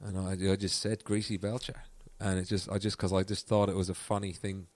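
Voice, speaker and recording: An Irish man with a fairly low voice tells a story in an easy, casual chat. He laughs often as he talks. The sound is dry and close, with little room around it. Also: level tone, brisk, darkish tone, no room sound. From Ireland. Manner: laughs often while telling stories. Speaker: guest musician.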